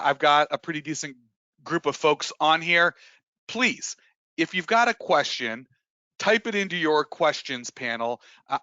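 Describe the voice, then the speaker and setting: A man's voice: medium pitch, bright, forceful tone, no echo, lo-fi sound. Chatty man presenting a trading webinar. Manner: conversational, emphatic, frequent fillers and restarts. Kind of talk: live interactive webinar presentation.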